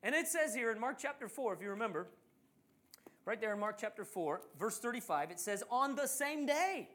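A male preacher delivers a sermon in an animated storytelling manner. He acts out the voices of the figures in the passage he reads, jumping high for the frantic ones and sinking low for the calm ones.

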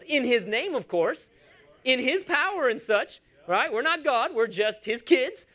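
A woman's voice: sits high, sing-song, a little slow, a bit bright. A woman preaching a sermon in a church, emphatic and coaxing her congregation along.

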